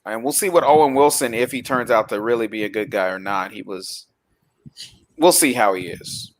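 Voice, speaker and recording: A man's voice: on the low side, moderate pace. A man co-hosting a casual chat about films and shows, teasing and rambling through asides. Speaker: podcast co-host.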